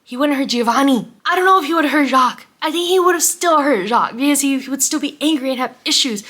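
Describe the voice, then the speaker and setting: A woman's voice: sits high, pushed and bright. A tired, tearful woman rambling emotionally about a book in a late-night vlog, sometimes dropping to a whisper. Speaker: book vlogger.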